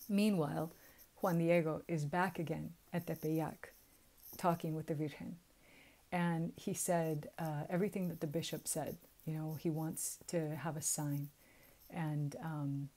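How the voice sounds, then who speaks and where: A woman with a Southern US accent casually retelling a sacred story, chatty and quick to laugh at her own jokes. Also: low voice, steady tone, warm tone. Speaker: spiritual storyteller.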